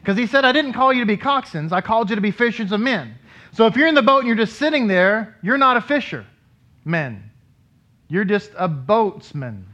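A man's voice: high voice, big pitch swings, normal speed, bright, forceful tone. A man leading his congregation as rabbi, giving a sermon in a conversational way and asking them questions, heard in a synagogue sanctuary. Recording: dull lo-fi recording.

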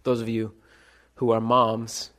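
A pastor preaching a sermon, swinging between hushed reflection and loud, ringing calls. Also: male voice, medium pitch, completely flat delivery, slow. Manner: dramatic shifts between soft and loud, calling out names.

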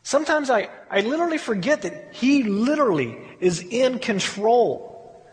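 A man's voice: very high voice, big pitch swings, moderate pace. A man preaching a sermon as pastor in a candid, conversational way, often restarting his sentences, recorded in a church sanctuary. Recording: long hall reverb.

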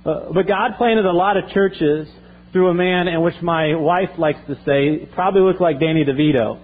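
A male pastor preaching a sermon in an earnest way, often repeating and restarting phrases. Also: high-pitched. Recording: tinny phone-like sound.

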